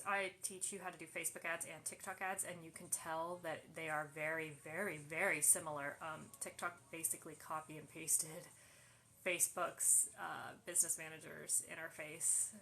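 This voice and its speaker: A woman's voice: on the low side, sharp tone. A woman hosting a casual live Q&A, reading viewer questions aloud and answering them with plenty of fillers. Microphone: phone livestream.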